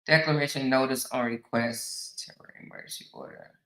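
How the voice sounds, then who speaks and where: A woman's voice: a bass voice, wildly swooping pitch, a little fast, gravelly, fairly bright tone, roomy sound, poor audio. A woman hosting a casual live stream, chatting with viewers in an exclamatory way. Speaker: commentary host reviewing court recordings.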